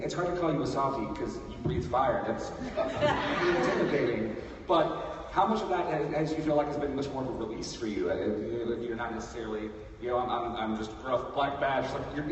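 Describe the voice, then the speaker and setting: A middle-pitched man asks a long, rambling question at a convention panel, circling back and restarting as he goes. He is heard far off in a reverberant hall, with faint noise behind him. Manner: rambling, restarts while asking. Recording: echoey hall recorded from far off.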